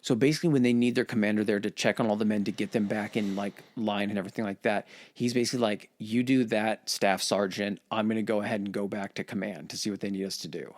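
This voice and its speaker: Casual low-voiced man retelling history. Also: steady tone, fast, few pauses, a little mellow. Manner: swears, acts out quotes in voices. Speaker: podcast host.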